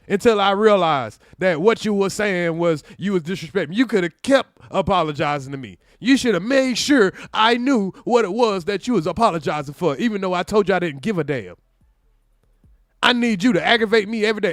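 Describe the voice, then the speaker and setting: High voiced guy w/ aave roasting a clip live for his chat, sarcastic, dry close mic. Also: lively intonation, brisk, no echo. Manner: mocking, sarcastic, mimics apologies in exaggerated voices. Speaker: streamer reacting to a clip. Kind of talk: livestream reaction commentary.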